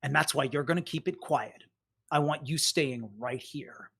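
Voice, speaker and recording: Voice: medium pitch, moderate pace, vocal fry, a bit bright, husky. A game master voicing a clipped, commanding male officer. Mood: urgent. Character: tense male station officer under pressure.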